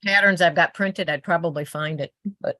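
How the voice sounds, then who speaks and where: A woman's voice: on the low side, a little fast, bright, forceful tone, no room sound. A woman quilter in casual video-call chat, often restarting as she hunts for names. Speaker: quilter in an online group chat.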